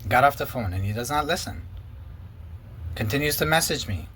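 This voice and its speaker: A former pastor giving an earnest personal testimony and acting out past conversations in quoted dialogue. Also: male voice, mid-range voice, expressive, fairly quick, pushed and bright, slight background noise.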